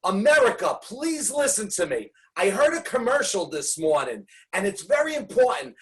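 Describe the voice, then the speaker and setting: An older man, a balloon artist chatting as a guest in a jokey, exuberant way with loud bursts over a video call. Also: sits high, big pitch swings, normal speed, distant mic, poor audio. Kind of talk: comic casual chat.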